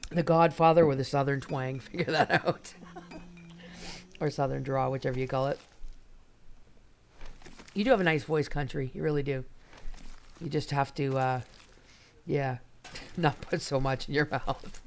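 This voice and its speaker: A woman's voice: extremely low pitch, steady tone, a little slow, creaky, pauses often, slight background noise. A woman streamer chatting casually with her viewers as she plays, rambling and greeting people by name. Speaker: game streamer. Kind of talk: casual live-stream chat while playing.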